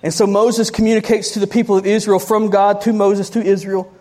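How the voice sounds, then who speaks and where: Animated woman preaching a sermon. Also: mid-range voice. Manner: animated storytelling, quick asides and laughs.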